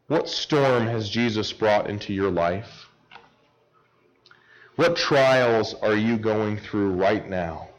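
A man preaching a sermon, swinging from loud raised passages to hushed quiet ones and asking the congregation rhetorical questions. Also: medium pitch, rough recording.

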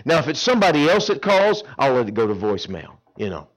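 Man, middle-aged, pastor preaching, emphatic, loud to hushed, very lively pitch. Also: fast. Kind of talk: sermon.

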